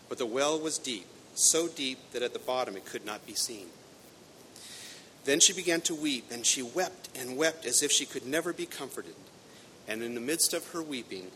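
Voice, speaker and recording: A male pastor preaching a sermon, reading a fairy tale aloud with expressive narration. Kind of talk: sermon with storytelling. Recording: echoey hall, faint rumble.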